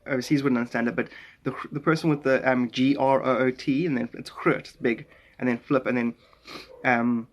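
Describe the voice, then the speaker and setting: A man's voice: medium pitch, fairly even intonation, fairly quick. A man from South Africa with a South African accent, chatting casually on a live stream, greeting viewers by name and musing aloud in a rambling way.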